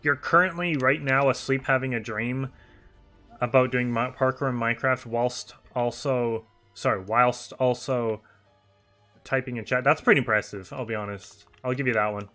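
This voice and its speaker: A young man chatting casually on a game livestream, reading viewer messages aloud, talkative and animated with frequent laughter. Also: mid-range voice, moderate pace, soft background music. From United Kingdom. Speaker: streamer.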